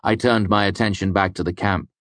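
Deep low guy reading a dark fantasy audiobook, dry close sound, steady and grave. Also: brisk, dry recording. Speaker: audiobook narrator. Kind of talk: first-person fantasy narration.

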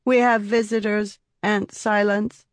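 A narrator voicing a haunted young girl who speaks in a flat, cold monotone. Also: mid-range voice, slow pace, dry recording, voice pushed up, lightly acted.

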